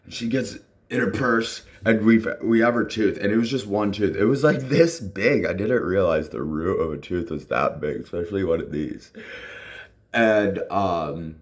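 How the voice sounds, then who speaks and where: A man's voice: low voice, normal speed. A man casually telling a personal story, rambling with fillers and acting out what people said.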